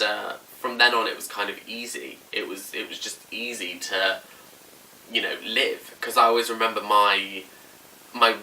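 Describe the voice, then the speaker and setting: A man's voice: fairly low pitch, bright, forceful tone. A young man casually telling a personal story to camera as a vlogger, full of "like" and acted-out quotes. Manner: chatty, lots of "like", acts out quotes. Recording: slightly distant mic, faint room noise.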